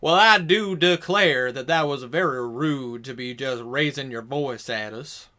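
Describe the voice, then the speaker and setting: A man doing a stuffy, scolding gentleman. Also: medium pitch, a little slow. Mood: haughty. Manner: stuffy, lecturing on manners. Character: pompous well-dressed male townsman, scolding.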